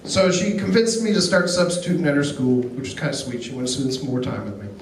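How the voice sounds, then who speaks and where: A middle-aged man works a comedy club stage, telling family stories with a dry, deadpan delivery and acting out the lines of the people in them. His voice sits high for a man. The recording is echoey and picked up from a distance, with faint room noise underneath. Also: quick pace. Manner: deadpan storytelling with acted quotes. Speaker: stand-up comedian. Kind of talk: stand-up set. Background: audience laughter.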